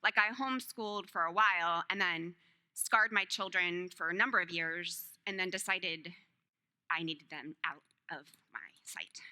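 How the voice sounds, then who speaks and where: Woman preacher, bright lively delivery, self-mocking humor, conversational sermon. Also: mid-range voice. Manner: self-deprecating, joking, laughs often. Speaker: speaker at a church service. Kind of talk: sermon with personal stories.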